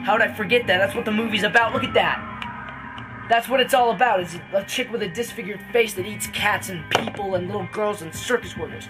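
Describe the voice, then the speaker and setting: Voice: mid-range voice, fairly quick, music in the background, low-quality recording. A casual movie reviewer retelling a plot in a rambling way, full of fillers and restarts.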